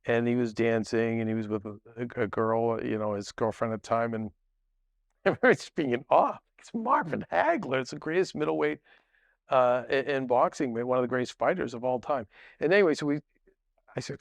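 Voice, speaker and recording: A man's voice: mid-range voice, a little fast, creaky, dry recording. A middle-aged man who is a guest on a podcast, telling long stories in a rambling way with many restarts and asides. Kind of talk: casual storytelling.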